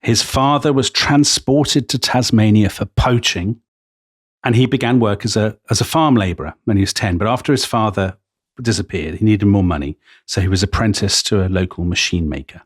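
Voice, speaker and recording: A lowish English male voice at a moderate pace, dry recording and clean studio sound. He co-hosts a history podcast, enthusiastically storytelling during casual chat and dropping in lots of asides.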